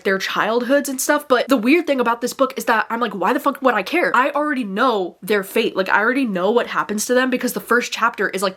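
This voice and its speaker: A woman's voice: a little high, fairly bright tone. A young woman giving a casual, frustrated book review, full of "like" and swearing. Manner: frustrated, heavy use of "like" and swearing.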